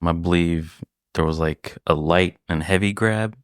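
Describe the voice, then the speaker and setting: Laid-back male co-host, very low-pitched, easygoing listener, dry close mic. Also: unhurried, clean tone, no echo. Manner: laid-back, brief agreeing replies. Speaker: podcast co-host. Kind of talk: casual chat.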